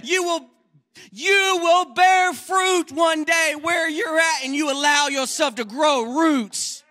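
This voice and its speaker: A man preaching a sermon in a church as a guest speaker, with impassioned passages that swell into shouts and quieter, quick joking asides. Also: extremely high pitch.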